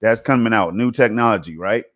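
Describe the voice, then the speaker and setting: A man's voice: lowish voice, fairly quick. A man co-hosting a casual gaming podcast, talking emphatically in a conversational way and often tossing in "man" and "you know". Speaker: podcast co-host.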